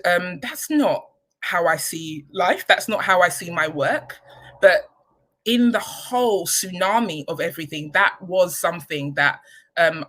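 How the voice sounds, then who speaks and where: A woman speaks candidly and reflectively about her work, her speech sprinkled with pauses and ums. Her voice sits a little low yet sounds bright and clear. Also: rough recording. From United Kingdom. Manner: candid and reflective, many ums, emotional at times. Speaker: charity chief executive. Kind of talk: personal reflective talk.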